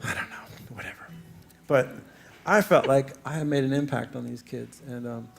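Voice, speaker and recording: A man's voice: medium pitch, fairly even intonation, moderate pace, vocal fry, faint music behind. A middle-aged man, a singer-songwriter and spiritual teacher, rambling through a story between songs with many fillers and frequent laughs. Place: spiritual center stage.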